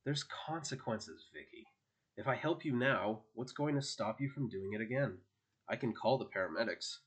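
A man's voice: medium pitch, moderate pace, lightly acted. A man doing a sarcastic teenage healer girl. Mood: firm. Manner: sarcastic, firm lecturing.

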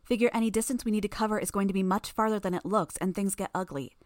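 A woman voicing a menacing teenage boy gang leader who talks in a low, growling, commanding way. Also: fast, dry recording, studio quality, natural voice.

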